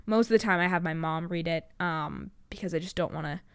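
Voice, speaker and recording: A woman's voice: lowish voice, a little fast, clear, resonant tone, no room sound, clean studio sound. A sixteen-year-old girl hosting her own podcast, chatting casually with lots of fillers, swearing and self-mocking jokes. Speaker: podcast host. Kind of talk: casual solo podcast chat.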